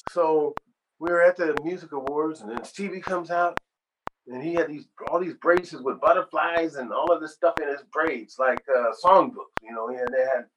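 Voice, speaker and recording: An older man speaks as a guest in a casual interview, recounting his past with animated energy and acting out the people in his stories. His voice sits a touch high for a man. A steady hiss runs under the whole recording. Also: moderate pace. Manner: animated storyteller, acts out quoted voices. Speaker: guest singer. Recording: noisy background hiss.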